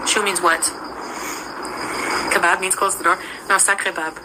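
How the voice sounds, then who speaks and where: Woman streamer, low voice, loose chatty tone, heavy background noise. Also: little pitch movement, a little slow. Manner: chatty, answers chat names, teaches phrases. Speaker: live streamer. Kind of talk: casual live stream chat.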